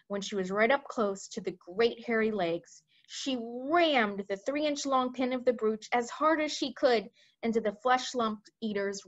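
A woman reading a children's book aloud for a library, telling the story in a lively way with asides to listeners. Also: mid-range voice. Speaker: library read-aloud reader. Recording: dull lo-fi recording.

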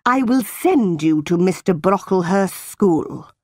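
A woman's voice: lowish voice, animated, slow pace, darkish tone, no echo, studio quality. A woman voicing a cold, harsh aunt who scolds a young girl.

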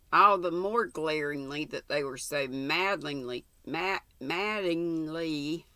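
Older lady reading a story, slow and gravelly, bright voice, dry close mic. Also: low voice, no room sound. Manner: slow, deliberate reading with chatty asides. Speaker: audiobook reader. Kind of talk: reading a novel aloud.

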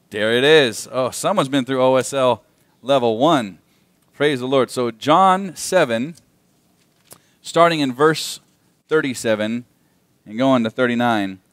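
Male pastor, fairly high voice, lively sermon delivery with questions to the room, dry close mic. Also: no echo. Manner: animated preaching, asks the congregation questions. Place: church sanctuary.

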